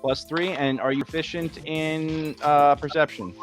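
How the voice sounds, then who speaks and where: A man's voice: fairly high pitch, a little slow, faint music behind. Game master man narrating a tabletop session. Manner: relaxed, descriptive, with frequent fillers.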